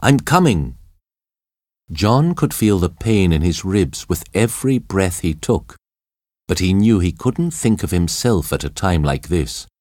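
A man narrating an audiobook chapter in a slow, deliberate, expressive reading. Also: low-pitched, dry recording, studio quality. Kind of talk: scripted narration of a graded reader.

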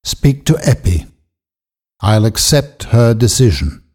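A poor older weaver speaks quietly, full of feeling, as a male narrator voices him. The voice is slow and mellow, with a husky texture. His pitch moves with lively expression. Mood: pained. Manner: quiet, emotional.

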